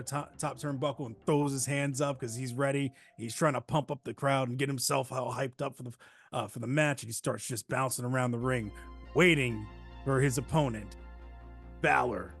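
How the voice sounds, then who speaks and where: A man describing his character in a tabletop game, rambling and halting with many fillers. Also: mid-range voice. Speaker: player.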